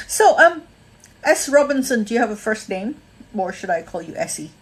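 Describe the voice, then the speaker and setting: A woman's voice: on the high side, sing-song, moderate pace, slightly rough, rough recording. A woman from Malaysia with a mixed, mostly American accent and a touch of Australian, hosting a casual livestream, rambling with lots of ums and greeting viewers by name. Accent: mixed American with a bit of Australian. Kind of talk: casual live-stream chat.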